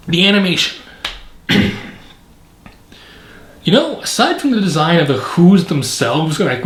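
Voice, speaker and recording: A man reviewing a film in casual commentary, rambling and opinionated with frequent fillers. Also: fairly high pitch. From Canada. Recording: echoey room.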